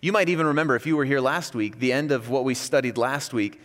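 A man preaching a sermon as pastor, in a conversational, animated way with casual asides. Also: mid-range voice, fast talker. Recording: long reverb from a large hall.

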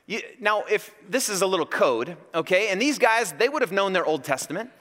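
A man preaching a sermon, an animated, joking storyteller. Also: high voice, a little fast, few pauses, big-room sound. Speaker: pastor.

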